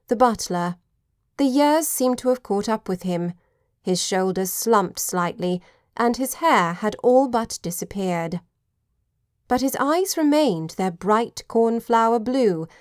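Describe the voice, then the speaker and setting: A woman narrates an audiobook from a script in a measured storytelling voice. Her pitch is mid-range, and the studio sound is clean, with no room sound.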